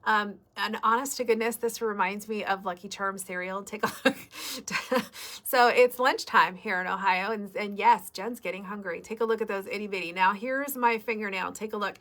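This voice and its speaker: A woman's voice: mid-range voice, moderate pace, fairly bright tone. A woman with a Midwestern American accent hosting a live shop sale, chatty and upbeat, explaining step by step. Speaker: quilt shop host.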